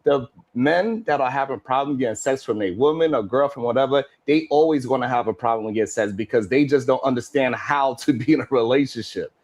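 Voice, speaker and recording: A man's voice: medium pitch, brisk, hardly any pauses, darkish tone. A man on a discussion panel, making his case emphatically. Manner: emphatic, lecturing. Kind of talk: heated panel debate.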